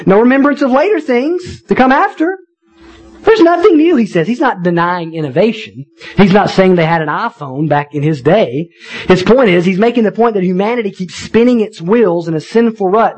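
Animated, high-voiced male preacher. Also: rough recording. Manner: conversational, animated preaching with wry asides. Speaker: pastor. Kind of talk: sermon.

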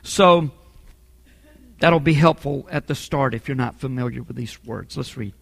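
A man preaching a sermon as a pastor, emphatic and building to forceful peaks, often repeating words as he presses a point. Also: mid-range voice, unhurried, vocal fry, slightly rough, in a large hall. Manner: repeats words when fired up.

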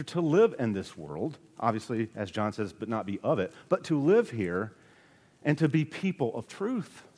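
A male pastor preaching a sermon with earnest emphasis, his voice rising to strong peaks and dropping low. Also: darkish tone. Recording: long reverb of a large hall.

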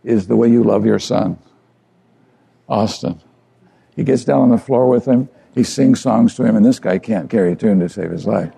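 An older man, a pastor delivering an earnest, conversational sermon with a gravelly voice and repeated phrases. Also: lowish voice, moderate pace, dark tone.

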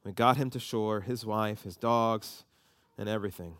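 Animated storytelling man. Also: lowish voice, moderate pace, no echo. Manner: animated storytelling, voices rising with emotion. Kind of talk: sermon storytelling.

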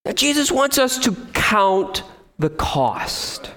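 A male pastor delivers a sermon in a high-pitched voice that rises and falls expressively. He jumps animatedly between explanation and acted-out scenes, slipping into the voices of the people he describes. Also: slow. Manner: animated, acts out complaining voices.

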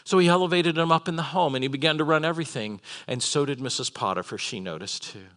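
Bright, somewhat high-voiced male preacher, animated storyteller who acts out the characters, at a conference. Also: fast. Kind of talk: sermon. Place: conference hall with live audience.

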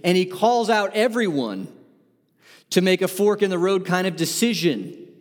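A male pastor delivers an earnest sermon, pressing his listeners with repeated questions. His voice sits a little high for a man. A long hall reverb trails behind his words. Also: expressive, moderate pace. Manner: earnest, emphatic preaching with rhetorical questions.

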